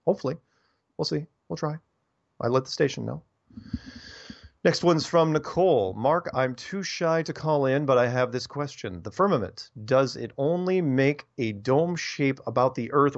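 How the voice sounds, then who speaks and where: A man's voice: medium pitch, vocal fry, dull audio. A man hosting a radio show, reading listener emails aloud and answering them in a casual, rambling way, often stumbling over and repeating his words.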